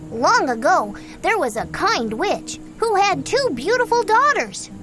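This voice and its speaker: A woman puts on a tiny, kindly gingerbread man with a very high, bouncing voice. He talks slowly and eagerly, like a small helper spilling a tale, while game music plays underneath. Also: big pitch swings, exaggerated voice.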